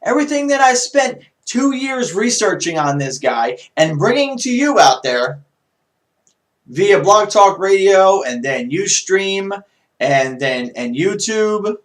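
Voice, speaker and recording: A man with a fairly high voice hosts his own online talk show. His pitch swings widely as he rambles and jokes sarcastically through the news. It sounds like a casual solo monologue into a home mic. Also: very animated, slow pace. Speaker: YouTube talk show host. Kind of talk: casual political commentary monologue.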